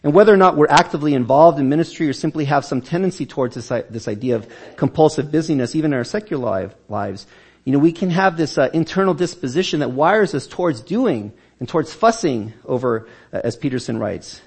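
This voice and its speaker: A man's voice: a little high, lively intonation, quick pace, slightly rough. A man preaching a sermon as pastor of a church, talking in a conversational way and often repeating and restarting words.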